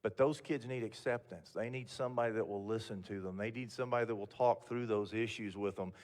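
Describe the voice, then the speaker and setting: A man's voice: lowish voice, a little fast, a little mellow. An older man gives a motivational talk to a room of mentors. He talks in a candid, homespun way and often restarts his sentences. His voice carries a long reverb from the event hall. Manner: folksy, candid storytelling with frequent restarts. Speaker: guest speaker.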